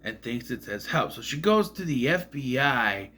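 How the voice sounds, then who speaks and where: A man's voice: medium pitch, sing-song, normal speed, sharp tone. Rambling man recapping a movie. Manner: rambling and musing, often unsure. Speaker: movie reviewer.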